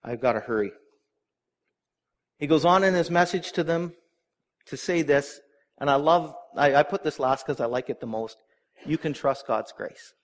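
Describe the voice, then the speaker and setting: A middle-aged man preaches a sermon in a slightly high voice. He is earnest and animated and often turns to the congregation with asides. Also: moderate pace, long pauses. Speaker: pastor.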